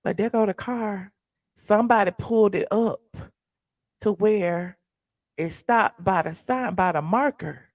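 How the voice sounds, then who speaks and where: A woman's voice: medium pitch, measured pace, no echo, studio quality. A woman hosting a casual commentary show, chatting loosely and reacting to viewers and a video as she talks. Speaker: host of a pop culture commentary channel.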